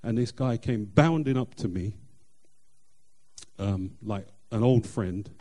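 Earnest man with a very dark voice. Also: lowish voice. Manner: earnest, halting with frequent fillers and restarts. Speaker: church member sharing testimony. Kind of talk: personal testimony.

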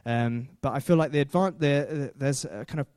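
A man's voice: medium pitch, a little fast, darkish tone, no room sound. Male preacher, chatty sermon, joking asides, dry close sound.

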